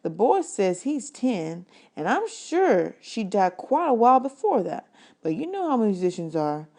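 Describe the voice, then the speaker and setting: A woman's voice: mid-range voice, sing-song, measured pace, dark tone, voice pushed up. A woman reading aloud the part of an easygoing older man who jokes and teases in a folksy way. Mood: explaining. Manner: teasing, folksy. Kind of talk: storybook read-aloud.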